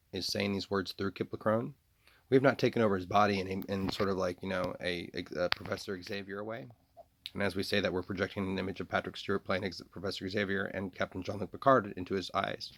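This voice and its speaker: Low gravelly man, halting monologue. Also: noisy background. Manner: repeated rhetorical questions with halting fillers and restarts. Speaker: video blogger. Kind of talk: rambling monologue to camera.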